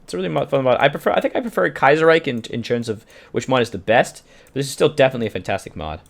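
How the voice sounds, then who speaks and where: A man's voice: medium pitch, expressive, rapid-fire, gravelly. A man casually commenting on his strategy game as he plays, swearing freely and answering questions from his live chat. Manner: chatty, profane, reads out chat questions. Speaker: video game streamer.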